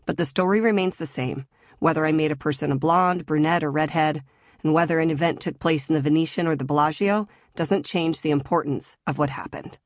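A woman in her thirties narrating her own memoir audiobook in a measured, earnest way. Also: low voice, no echo, clean studio sound.

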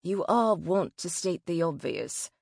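A gruff wounded demon man, put on by a woman narrator, his rusty voice strained, low and hushed. He talks in short, curt bursts at a slow, deliberate pace, in a dry, close sound. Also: lively intonation, no room sound, full character voice. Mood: grumbling.

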